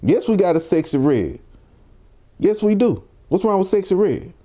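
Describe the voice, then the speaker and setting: A man's voice: high voice, very animated, normal speed, dark tone. A young man from Mississippi, giving heated, provocative reaction commentary full of rhetorical questions. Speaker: commentary vlogger.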